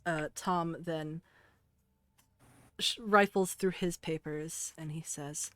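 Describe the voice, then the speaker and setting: Female game master, measured narration; low voice, slow pace. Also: steady tone, fairly bright tone, smooth, no echo.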